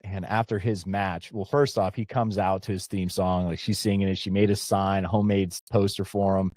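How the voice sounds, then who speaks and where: A middle-aged man hosts a podcast in a relaxed, rambling way, circling back and restarting as he tells a story. His voice sits low and sounds warm and mellow. The recording is dry and close. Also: a little fast, no echo. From Pennsylvania. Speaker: podcast host. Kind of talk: casual podcast chat.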